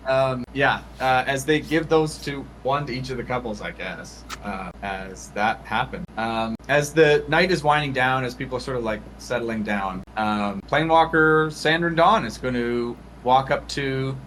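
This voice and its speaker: Game master, man, mid-pitched, narrates with lots of ums, faint hiss. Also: a little slow, hardly any pauses, a bit bright, low-quality recording. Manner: loose and hesitant, many fillers. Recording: faint background noise.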